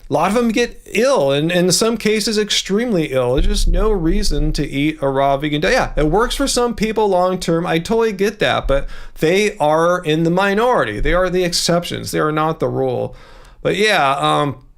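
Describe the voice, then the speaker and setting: A man with a high-pitched voice talks on a livestream, hosting a question-and-answer session. He speaks earnestly and with emphasis, dropping in the odd filler. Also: lively intonation, moderate pace, gravelly. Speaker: livestream host. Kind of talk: livestream Q&A talk.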